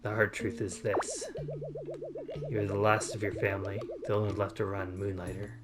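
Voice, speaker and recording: A woman's voice: a bass voice, flat delivery, moderate pace. A woman voicing a stern old male shopkeeper and mentor in a video game, reading his lines with a lecturing manner over game music. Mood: gruff.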